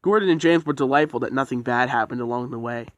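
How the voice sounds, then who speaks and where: A man's voice: medium pitch, fast talker, dry recording, lo-fi sound. A man casually narrating a homemade train story, rambling and swearing as he goes. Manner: rambling and profane.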